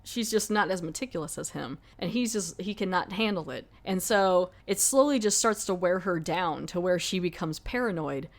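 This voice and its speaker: A woman's voice: fairly low pitch, lively intonation, moderate pace, few pauses. A woman hosting a podcast, retelling a horror film plot in a casual, rambling way full of 'like'. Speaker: podcast host. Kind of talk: casual film review chat.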